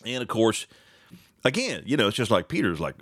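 A man hosting a political talk show, talking in a sarcastic, animated and mocking way. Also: on the low side, brisk, a little hiss or hum.

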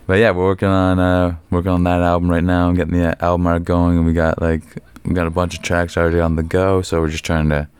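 A young man hosting his own podcast alone, rambling through a casual story full of swearing, with sudden loud bursts. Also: low-pitched, monotone, fast, hardly any pauses, clean tone, dry recording. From Canada. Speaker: podcast host. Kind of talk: casual solo podcast monologue.

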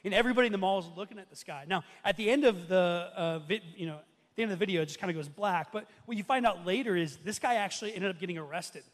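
A high-voiced man in his thirties preaches from a church stage, his words trailing off into a long hall reverb. He tells the story casually, doubling back on himself with fillers and restarts as he goes. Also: quick pace. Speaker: pastor. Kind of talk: sermon.

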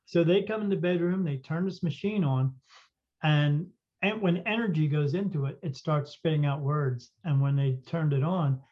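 A man with a somewhat high voice tells a story in a loose, rambling way, stopping often for fillers and restarts. The recording sounds dull and lo-fi. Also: moderate pace. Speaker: psychic medium guest. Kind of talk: casual storytelling.

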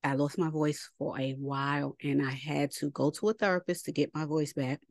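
A woman's voice: low-pitched, steady tone, normal speed, vocal fry, darkish tone, no room sound, clean studio sound. A woman teaching a scripture lesson in a chatty, colloquial way, reading passages and breaking off into asides. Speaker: Bible teacher.

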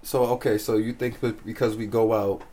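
A man's voice: on the low side, flat delivery, normal speed, warm tone. A man hosting a casual podcast, pushing a guest with teasing questions and calling him "bro.". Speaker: podcast host. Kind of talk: casual chat, interviewing.

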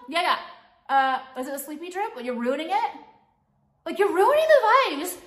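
A woman's voice: very high voice, lively intonation, normal speed, a bit bright, roomy sound. A woman makeup vlogger ranting at home, exasperated and profane, with "like" in nearly every sentence. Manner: exasperated, profane, heavy use of "like". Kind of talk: ranting vlog monologue.

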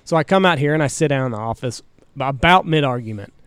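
Smooth-voiced man telling a profane story. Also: medium pitch, animated, fast talker, fairly bright tone, no echo. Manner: profane, rambling anecdote with frequent fillers. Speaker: co-host. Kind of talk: casual storytelling.

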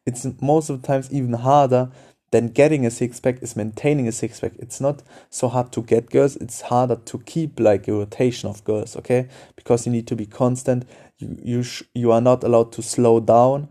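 A man hosts a casual advice podcast, speaking in a direct, coaching way and circling back over the same points. His voice sits in a middle pitch with a very dark, mellow timbre. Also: steady tone, normal speed. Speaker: podcast host.

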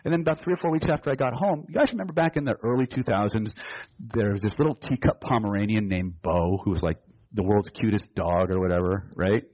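A man's voice: on the low side, fast, darkish tone, dull audio. A man teaching a live seminar, telling a story and acting out both sides of the dialogue, to a room of students. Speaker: hypnosis and NLP trainer.

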